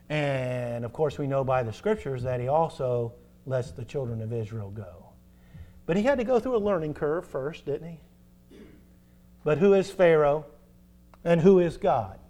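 High-voiced preacher man, emphatic. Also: expressive. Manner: emphatic preaching with rhetorical questions; swings between loud stresses and drawn-out soft endings. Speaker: pastor. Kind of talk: sermon.

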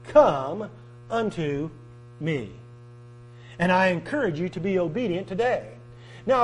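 A man preaching a sermon, emphatic and repetitive, drawing out key words and swinging from loud to quiet. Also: sits high, poor audio.

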